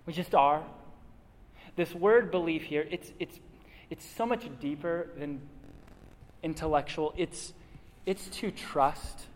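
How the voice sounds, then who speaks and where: Male pastor, fairly high voice, earnest sermon delivery with rhetorical questions, long reverb of a big hall. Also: slow pace, pauses often.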